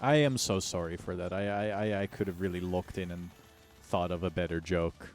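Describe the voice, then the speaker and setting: A man's voice: deep voice, fairly even intonation, normal speed, slight background noise. Joking, swearing male game streamer. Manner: joking, swearing, laughing often. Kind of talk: casual gaming stream chat.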